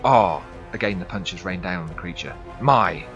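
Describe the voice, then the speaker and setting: A man's voice: low voice, fairly even intonation, quick pace, dull audio, over music. A man narrating a fantasy audiobook story in a dramatic storytelling manner.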